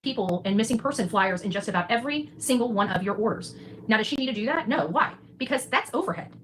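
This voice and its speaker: A woman's voice: fairly high pitch, animated, fast, a bit bright, slight background noise, low-quality recording. A woman in her forties speaking straight to her viewers, defiant and reassuring, preachy, and often tagging lines with "okay?". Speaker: citizen journalist livestreamer. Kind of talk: direct address to viewers.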